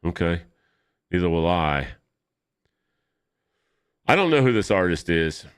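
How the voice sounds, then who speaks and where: A man with a deep, clear, smooth voice talks slowly through his thoughts on comic books. He rambles, nitpicks and corrects himself mid-sentence in a casual, offhand way. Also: big pitch swings. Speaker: comic book vlogger. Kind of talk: casual commentary while flipping through comics.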